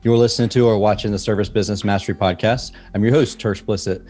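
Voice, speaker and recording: A man hosting a podcast, chatting casually and warmly with many ums and uhs. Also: on the low side, fairly even intonation, quick pace, soft background music. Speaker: podcast host.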